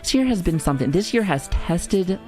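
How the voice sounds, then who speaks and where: A woman's voice: fairly low pitch, lively intonation, fairly quick, over music. Profane, joking woman streamer in her thirties. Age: 30s. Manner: profane, joking, chatty with frequent laughs. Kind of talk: casual live-stream chat.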